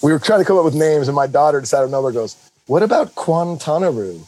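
Mellow-voiced man telling a rambling story. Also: on the high side, very fast, no room sound, low-quality recording. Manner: animated storyteller, rambling with restarts. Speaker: podcast co-host. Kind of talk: casual chat.

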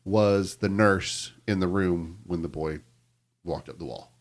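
Low-voiced man reading out a story. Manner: measured storytelling with quoted reports. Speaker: podcast host telling the story. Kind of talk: reading a news account aloud to co-hosts.

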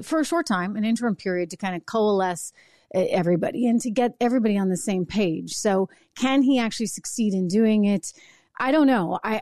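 A woman hosting a political talk show, talking in a brisk, sarcastic, conversational way. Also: medium pitch, darkish tone, no echo, studio quality. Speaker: political commentary host. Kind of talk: opinionated solo talk show.

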